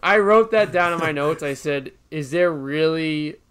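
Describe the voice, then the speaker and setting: A man chatting casually as a podcast co-host, relaxed, saying "like" and "dude" a lot. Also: a little high, measured pace, clean tone. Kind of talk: casual chat.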